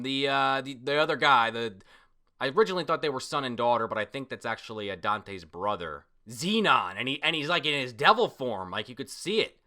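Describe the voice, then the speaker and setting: A man giving a casual, excitable manga reaction and recap, full of fillers and the odd curse when surprised. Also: medium pitch, fairly quick. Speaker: manga reviewer.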